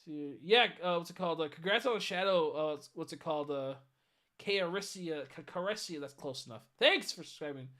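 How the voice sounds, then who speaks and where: A man's voice: fairly high pitch, a little fast, a bit bright. A tired man chatting casually on a live stream, rambling and swearing as he greets viewers. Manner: rambling, swearing, stumbles over chat names.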